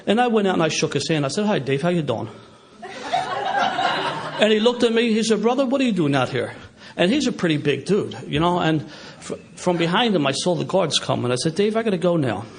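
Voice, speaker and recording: Philly-accented man at a podium, mid-pitched to high, animated storyteller with laughter in his voice. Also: brisk, heavy background noise. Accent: Philadelphia. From Philadelphia. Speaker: AA speaker. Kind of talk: recovery meeting talk. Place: meeting hall with a live audience.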